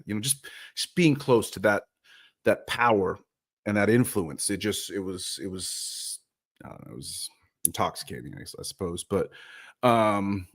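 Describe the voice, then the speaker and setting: A man hosts a live soccer talk show in an easy, rambling way. He keeps doubling back on his words, teases himself and swears now and then. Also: medium pitch. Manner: rambling, profane, self-mocking. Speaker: podcast host. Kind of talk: casual live soccer chat.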